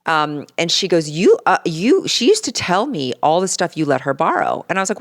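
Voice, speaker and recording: A woman in her forties with a light US Southern twang, co-hosting a casual chat in an animated and expressive way, swearing freely. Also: lowish voice, fairly quick, few pauses. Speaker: podcast co-host.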